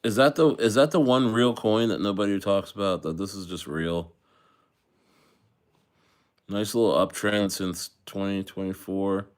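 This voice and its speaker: A man's voice: low voice, a little slow. A man chatting casually on a livestream, loose and rambling with jokes and restarts, a little tipsy from wine. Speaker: crypto livestreamer.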